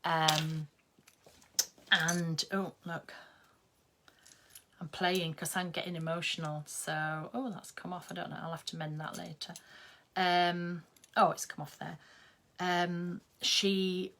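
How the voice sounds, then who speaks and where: A woman's voice: fairly low pitch, flat delivery, slow pace, long pauses, a bit bright. An older woman, chatting casually and rambling while she sews on a live stream. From England. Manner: chatty, rambling, with many ums. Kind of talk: casual chat while sewing.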